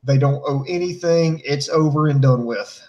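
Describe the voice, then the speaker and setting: Male co-host, slightly high voice, newsy and conversational, feeds questions. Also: normal speed, darkish tone, dull audio. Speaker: podcast co-host. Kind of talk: casual wrestling chat.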